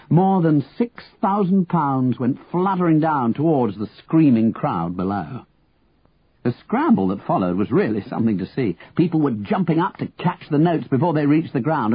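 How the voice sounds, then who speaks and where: A man's voice: mid-range voice, husky, no room sound. Man reading a story on a tinny line. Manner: expressive, lively storytelling. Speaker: narrator.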